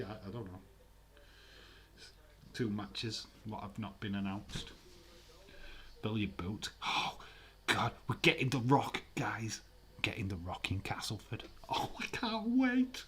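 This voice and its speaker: A man's voice: lowish voice, fairly bright tone, a little hiss or hum. A man hosting a live stream, chatting casually in a rambling way, swearing freely and reading viewer comments aloud. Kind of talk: casual watch-along chat.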